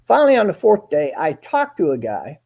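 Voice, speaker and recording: A man with a husky, dark voice spins a rambling story in a casual, folksy way. His pitch swings widely as he acts out every exchange of dialogue, and he drops in the occasional curse word. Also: huge pitch swings, brisk. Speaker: guest storyteller.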